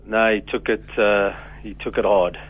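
A man's voice: fairly low pitch, little pitch movement, moderate pace, phone-quality sound. A man, an office boss scolding an employee over the phone. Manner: scolding, stern, with a put-on accent.

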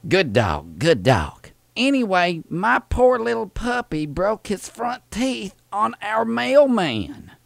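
A man's voice: high-pitched, sing-song, slow, creaky, hardly any pauses, dry recording, exaggerated voice. A man voicing a chatty older southern woman making a prank phone call, with a folksy Southern drawl. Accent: American Southern.

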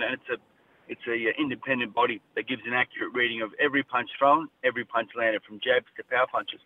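A man with an Australian accent, a boxer talking bluntly and repeating himself as a guest in a radio interview. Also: medium pitch. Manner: blunt, repetitive, fired-up. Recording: tinny phone line with faint noise.

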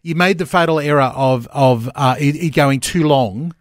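Man co-hosting morning radio, loose rambling banter, voice a bit higher than most men, dry close studio mic. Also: normal speed, no room sound. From Australia. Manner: chatty, laughing, rambling with fillers. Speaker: radio co-host.

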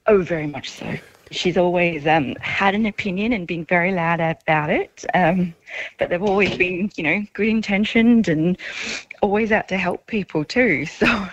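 A woman with a gushing, laughing manner, chatting excitedly on the radio as the older sister of a contestant. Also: lowish voice, normal speed, highs cut off.

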